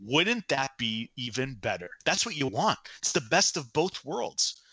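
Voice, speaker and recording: A man co-hosting a casual sports podcast, talking loudly in animated pep-talk bursts. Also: medium pitch, measured pace, husky, no echo. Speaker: podcast co-host.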